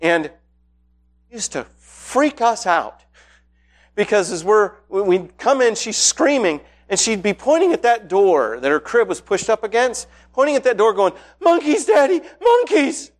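High-voiced man preaching conversationally. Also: measured pace. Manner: conversational, storytelling with rising excitement. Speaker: pastor. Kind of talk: sermon. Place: church hall with congregation.

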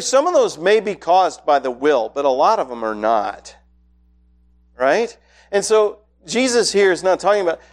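A pastor giving a sermon to his congregation in a conversational, storytelling manner that builds in excitement. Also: on the high side. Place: church hall with congregation.

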